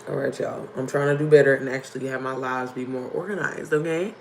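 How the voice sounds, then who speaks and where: A young woman with a hoarse voice, hosting a casual livestream and chatting directly to her viewers. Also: very deep voice, fairly even intonation, brisk, darkish tone, a little hiss or hum, poor audio. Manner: chatty, addresses viewers as y'all and baby. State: hoarse from screaming. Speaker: livestream host.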